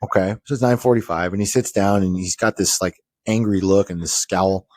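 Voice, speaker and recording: A man's voice: deep voice, a little fast, darkish tone. Profane man telling stories, teasing. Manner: profane, mock-pompous, teasing. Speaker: podcast co-host. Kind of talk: casual chat, storytelling.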